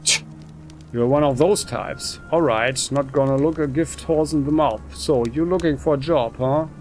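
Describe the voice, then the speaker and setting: A man reading aloud the lines of a calm, measured gang boss from a game, in his own plain voice. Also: on the high side, soft background music, natural voice.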